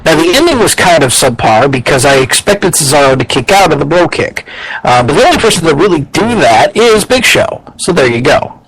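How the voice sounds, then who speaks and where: A man with a fairly high voice co-hosting a loose chat podcast. He rambles through his opinions, piles up ums and restarts, and drops swear words without a second thought. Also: sing-song, a little fast, a bit bright, breathy edge, rough recording. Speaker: podcast co-host. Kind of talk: casual wrestling podcast chat.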